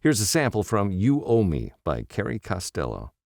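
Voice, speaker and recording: A man narrating an audiobook, opening with a relaxed, conversational introduction. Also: fairly low pitch, moderate pace, vocal fry.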